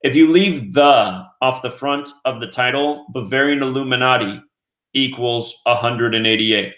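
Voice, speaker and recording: A man from the United States hosting a news commentary show, giving an earnest, steady, scripted monologue. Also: mid-range voice, normal speed. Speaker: host of a conspiracy news channel. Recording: roomy echo.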